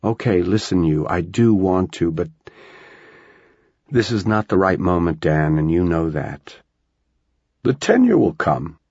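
A man's voice: low-pitched, big pitch swings, a little slow, creaky, long pauses, a little mellow, breathy edge, no room sound, exaggerated voice. A man voicing a firm, level-headed wife and mother. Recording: dull lo-fi dry recording.

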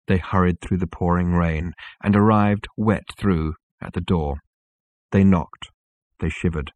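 A man narrating an audiobook in a calm, measured storytelling manner. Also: deep voice, no echo. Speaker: audiobook reader. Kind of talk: scripted narration.

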